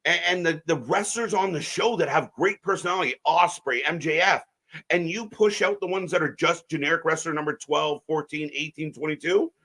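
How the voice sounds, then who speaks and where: A man's voice: fairly high pitch, a little fast, sharp tone. A man co-hosting a live wrestling watch-along stream, giving opinionated, rambling takes with frequent restarts.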